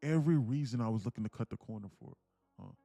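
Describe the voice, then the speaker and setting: A man's voice: fairly low pitch, animated, racing, gravelly, warm tone, no echo, soft background music. A young man hosting a live day trading stream, talking passionately and emphatically, swearing freely. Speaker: day trading livestream host.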